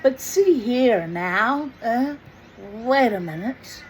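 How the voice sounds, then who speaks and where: A woman's voice: a little high, animated, takes it slowly, slight background noise, poor audio. A woman doing a fussy, flustered young man. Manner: fussy, polite protesting. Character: flustered, genteel young man, would-be American drawl.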